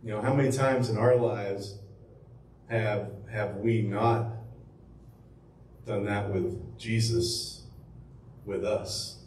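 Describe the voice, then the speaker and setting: A man's voice: lowish voice, steady tone, slow, pauses often, darkish tone, a little hiss or hum. A man preaching as pastor, telling the story conversationally with rhetorical questions and fillers. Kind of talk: sermon. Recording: echoey room from far off with faint ambience.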